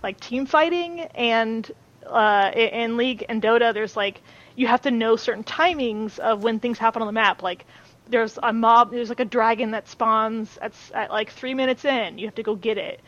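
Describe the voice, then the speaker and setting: A woman's voice: fairly high pitch, moderate pace, fairly bright tone, dull audio. A woman chatting as a podcast guest, talking loosely with many fillers and restarts. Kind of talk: casual chat.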